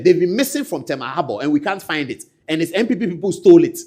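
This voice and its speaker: A Ghanaian man gives political commentary with a slightly high voice. His pitch leaps around widely as he moves between loud, emphatic outbursts and quiet asides. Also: very animated, fast talker, hardly any pauses.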